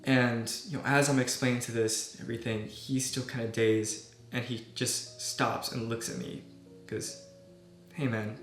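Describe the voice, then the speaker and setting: Soft-spoken young man, echoey room. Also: mid-range voice. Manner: soft-spoken, earnest, often trailing off quietly. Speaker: medical student vlogger. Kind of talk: reflective personal storytelling.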